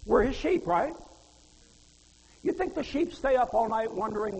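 A man's voice: very high-pitched, animated, unhurried, a little mellow. A man preaching a sermon in a folksy way, asking the congregation questions and quoting scripture. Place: church hall. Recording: reverberant hall.

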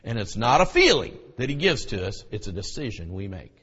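A middle-aged man preaches a sermon in a husky, bright voice with a very lively pitch, dropping to hushed near-whispers and rising to loud shouts. The recording is dull and lo-fi, with a long reverb like a church sanctuary. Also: brisk.

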